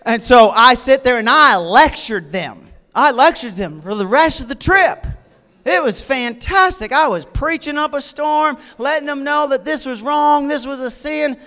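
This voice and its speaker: A man preaching a sermon, telling jokey stories from his own life and acting out the dialogue. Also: very high-pitched. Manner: lively, jokey storyteller who acts out dialogue. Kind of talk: humorous storytelling sermon.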